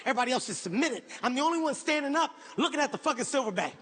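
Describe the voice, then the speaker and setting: A man doing stand-up comedy, telling a profane story in an animated, shouting manner. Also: extremely high pitch, very fast. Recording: live show with audience ambience.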